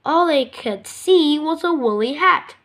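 A woman reads a children's storybook aloud with an expressive, sing-song delivery. Her voice sits high and moves a great deal, and she takes her time. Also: unhurried, slight background noise.

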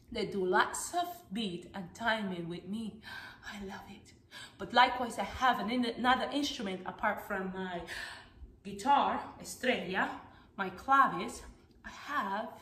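A woman teaching a music lesson to small children, singing songs and talking to them in an animated, sing-song way. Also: mid-range voice, a little slow. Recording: echoey room with background noise.

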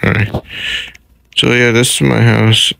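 A man's voice: mid-range voice, little pitch movement, unhurried, creaky, pushed and bright, a little hiss or hum, heavily acted. A man playing a sad, stressed young male hero who rambles and repeats himself in a casual fan roleplay. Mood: hesitant.

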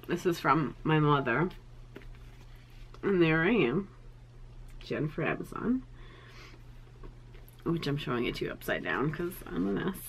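A woman's voice: deep voice, lively intonation, slow pace, long pauses. A woman in her thirties chatting to camera as an art vlogger, talking in a chatty, sentimental way with plenty of fillers. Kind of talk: casual chat to camera.

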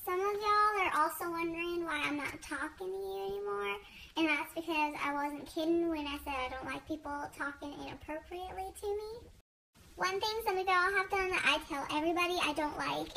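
A young woman with a drawl vents into her phone camera. Her voice sits very high and sounds bright and sharp, and she speaks bluntly, with sass and emphasis. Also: slight background noise, poor audio. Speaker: vlogger. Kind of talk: ranting social media story.

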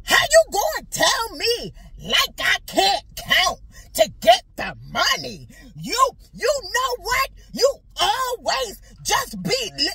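A woman acting out her angry male partner, who yells insults at her in high, loud outbursts. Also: huge pitch swings, slow pace, vocal fry, heavily acted. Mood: outraged.

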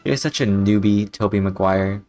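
A young man commenting on a video game as he plays, excitable and profane, laughing often. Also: fairly low pitch, moderate pace, faint music behind. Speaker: gaming YouTuber. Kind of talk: let's play commentary.

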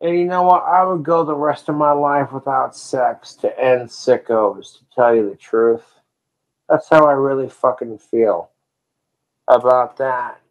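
Slow, profane ranting male streamer. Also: medium pitch. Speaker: livestreamer. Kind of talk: livestream rant.

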